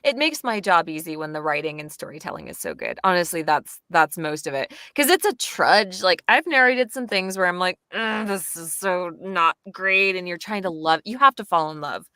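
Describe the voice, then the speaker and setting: An animated woman with a bright, sharp voice talks about narrating audiobooks. Her pitch leaps around as she laughs and tells stories. The sound is dry and close. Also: no room sound. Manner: lively, laughing, quick bursts of excitement. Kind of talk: casual video call interview.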